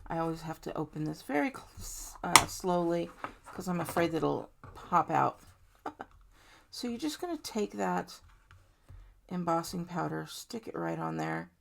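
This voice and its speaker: Female craft tutorial host, low gravelly voice, casual and conversational. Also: big pitch swings, unhurried. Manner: chatty, warm-hearted, talks to viewers directly. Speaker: card-making tutorial host. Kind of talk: casual step-by-step crafting demo.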